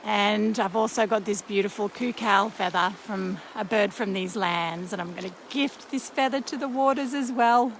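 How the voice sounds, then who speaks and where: A woman leading an outdoor ceremony by a creek, speaking in a slow, gentle, soothing way, a little croaky. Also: mid-range voice, a little hiss or hum, poor audio. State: slightly croaky. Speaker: ceremony leader. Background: flowing stream.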